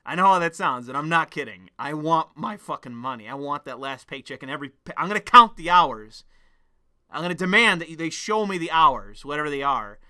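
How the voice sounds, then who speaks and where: A man's voice: a little high, big pitch swings, a little fast, bright, forceful tone. A man venting in a heated, profane rant to his viewers. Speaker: vlogger. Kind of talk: ranting monologue to camera.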